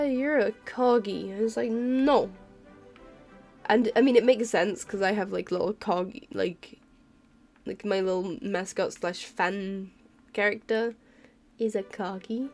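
A woman's voice: medium pitch, unhurried, a little mellow, faint music behind. A tired woman streamer chatting casually while she draws, rambling, apologizing and laughing often. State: tired and yawning. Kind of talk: casual chat while drawing.

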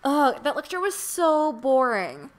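A bored teenage schoolgirl from a visual novel, whining in drawn-out complaints, as a woman reads her lines. She sounds a touch higher than an everyday voice. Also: sing-song. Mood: whiny.

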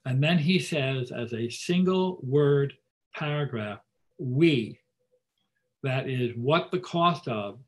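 A middle-aged man lecturing on literature at a library talk, in a voice of middling pitch. He slows down and leans into the lines he reads aloud, then relaxes into a chatty, explaining tone between the quotes. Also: lively intonation, poor audio.

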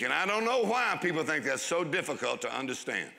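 A man preaching a sermon to a congregation, drawing out key phrases for emphasis and dropping into quick asides. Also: fairly high pitch, sing-song, vocal fry, sharp tone, in a large hall. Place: church hall before a congregation.

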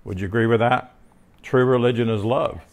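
A man's voice: medium pitch, steady tone, fairly quick, vocal fry. A man giving a casual, conversational Bible teaching, restarting sentences often, drifting into personal stories and checking in with his listener. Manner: rambling, frequent restarts and filler words; checks in with listener with tag questions.

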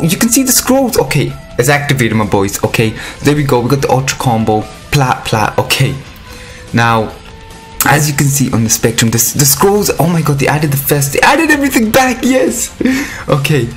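A man giving live commentary on a mobile game, excitable and chatty with his viewers, breaking into squealing outbursts. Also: mid-range voice. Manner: pleading and chatty toward viewers.

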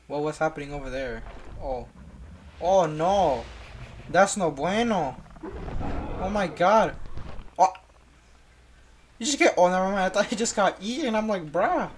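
A gamer giving casual, playful gameplay commentary, excitable and teasing a friend throughout. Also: mid-range voice, measured pace, pauses often, slight background noise.

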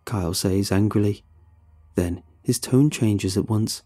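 A man narrating a scripted horror story in a steady, suspenseful manner. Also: lowish voice, a little slow. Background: faint background music.

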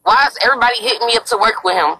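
A woman's voice: a little high, racing, bright, forceful tone, slight background noise, low-quality recording. A young woman livestreaming outdoors in a parking lot on her phone, talking in a brash, crude and pleading way. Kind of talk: casual live-stream chat.

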